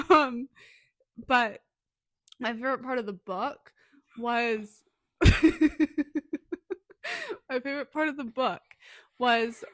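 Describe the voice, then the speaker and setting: A woman's voice: on the high side, takes it slowly, long pauses, a bit bright, no echo. A woman co-hosting a book podcast, teasing her co-host and laughing often. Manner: giggly, teasing. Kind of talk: casual book review chat.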